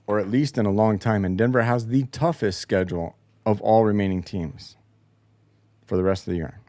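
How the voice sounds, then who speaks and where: Man, lowish voice, casual solo rant, swears a lot, exasperated, dry close mic. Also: moderate pace, dark tone, no echo. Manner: profane, exasperated storytelling. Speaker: podcast host. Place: home basement.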